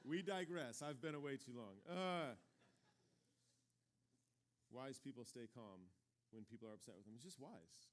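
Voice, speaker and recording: A man's voice: medium pitch, a little slow, pauses often. A man in his forties giving a casual, conversational sermon as pastor, telling stories and acting out the people in them. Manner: animated storytelling, acts out quoted voices. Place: church sanctuary.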